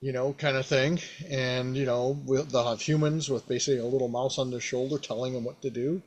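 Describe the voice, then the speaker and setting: A man hosting a podcast, casually recounting a tabletop game he ran, rambling and animated with many fillers. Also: mid-range voice, fairly quick, a little hiss or hum. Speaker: podcast host, game master. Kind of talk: casual storytelling about a past game.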